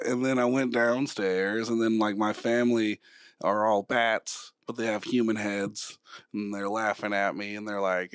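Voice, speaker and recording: A man's voice: fairly low pitch, a little slow, clear, resonant tone, no room sound, clean studio sound. A man co-hosting a podcast, telling stories in a casual, playful and giggly way. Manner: playful and giggly, relaxed storytelling. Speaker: podcast co-host. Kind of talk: casual chat.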